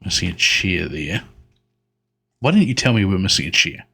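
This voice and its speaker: A man's voice: sits low, big pitch swings, normal speed, creaky, pushed and bright, breathy edge, soft background music. A man giving solo gameplay commentary, muttering to himself and talking to the game as he plays. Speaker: gaming video creator.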